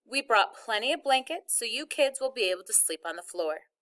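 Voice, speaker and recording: A woman's voice: a little high, a little fast. A woman reading as a practical, organized mother. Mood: matter-of-fact. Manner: steady, matter-of-fact explaining. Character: organized, practical mother explaining trip plans. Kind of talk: reading a novel aloud.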